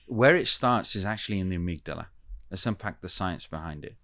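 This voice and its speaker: A man who is a communication expert, explaining ideas in a measured, teacherly way as a podcast guest. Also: sits low, lively intonation, a bit bright, dry recording, studio quality. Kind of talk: podcast interview.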